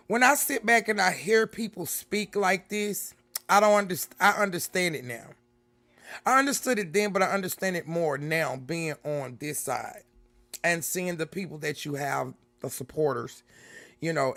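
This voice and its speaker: A woman's voice: on the low side, fairly bright tone, dry recording. A woman hosting a casual livestream from a room at home, chatting with viewers and calling them baby and honey. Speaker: livestream host.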